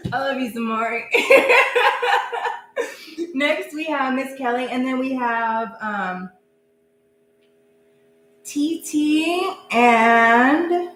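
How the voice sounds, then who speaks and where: A woman's voice: fairly high pitch, fairly bright tone. A woman giving a casual live tarot reading, chatty and goofy, laughing often. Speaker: tarot reader. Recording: echoey room with faint hum.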